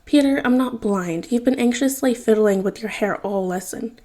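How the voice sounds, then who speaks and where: A woman's voice: fairly high pitch, moderate pace, warm tone, lightly acted. A woman voicing a prying teenage boy who questions his friend in a dry, insistent way.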